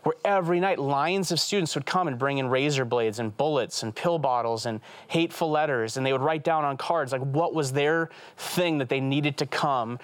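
A man's voice: medium pitch, no echo. Earnest man in a dry studio. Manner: earnest, fast, says "right?" often. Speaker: evangelist guest. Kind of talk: animated storytelling interview talk.

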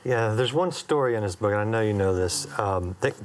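A man hosting a TV talk show, leading into a story calmly and reflectively. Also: on the low side, a little fast.

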